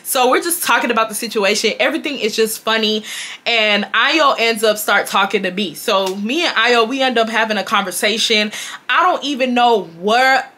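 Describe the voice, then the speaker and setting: A young woman from the United States telling a casual storytime to her viewers, animated, slangy and profane. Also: fairly high pitch, moderate pace. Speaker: storytime vlogger.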